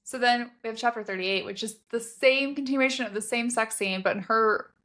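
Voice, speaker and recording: Woman co-host, casual book chat, lively, reads excerpts aloud. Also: a little high, brisk. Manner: animated, laughs while reading. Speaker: podcast co-host.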